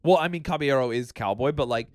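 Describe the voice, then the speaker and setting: A man co-hosting a podcast in casual profane chat, excitable and quick to throw in mock quotes. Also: medium pitch, no echo, studio quality. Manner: excitable, swears a lot, lively mock quotes. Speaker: podcast co-host.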